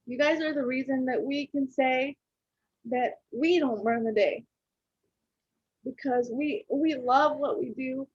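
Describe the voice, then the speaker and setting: A woman co-hosting a podcast, talking earnestly and haltingly with many fillers and restarts. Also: sits high, a little mellow, slightly rough, no room sound. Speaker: podcast co-host. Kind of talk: heartfelt casual podcast talk. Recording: dull lo-fi dry sound.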